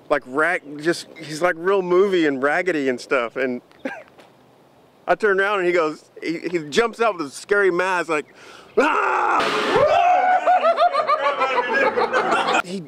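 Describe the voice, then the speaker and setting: A man telling a story to the camera in an animated, chatty vlog. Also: a little high, clean tone. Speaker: vlogger.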